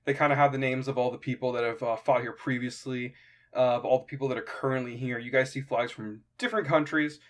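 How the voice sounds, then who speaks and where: A young man narrating a tabletop game as game master, halting and stopping often to find his words. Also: medium pitch, fairly even intonation. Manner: halting, lots of fillers and restarts.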